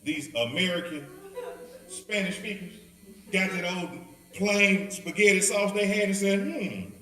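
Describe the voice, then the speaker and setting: The speaker is a Southern man with a high voice, going a little slowly as he teaches a Bible study. Recorded far off in an echoey church hall, he jokes, laughs and animatedly performs the people he's quoting.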